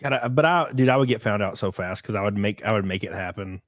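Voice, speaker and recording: A young man hosting a podcast, chatting casually with a guest, excitable and quick to joke and swear. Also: lowish voice, no room sound, studio quality. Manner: excitable, swears a lot, jokes with mock voices. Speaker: podcast host. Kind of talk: casual chat.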